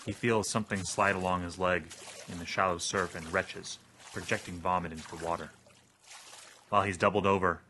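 A man reading a horror story aloud in a steady, measured way. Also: sits low, a little hiss or hum. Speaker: narrator. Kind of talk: scripted horror narration.

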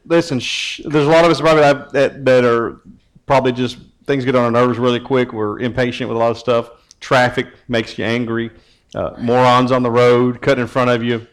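A man's voice: mid-range voice, fairly bright tone, rough recording. A man preaching a casual, conversational sermon as a youth pastor. He often repeats words as he starts his phrases.

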